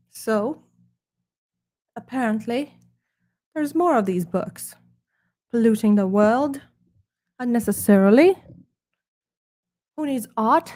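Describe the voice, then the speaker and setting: A Ukrainian woman with a warm, somewhat high voice previews her own art books in a put-on British accent. Her mock-snobbish take is sarcastic, delivered in a dry, faux-posh manner.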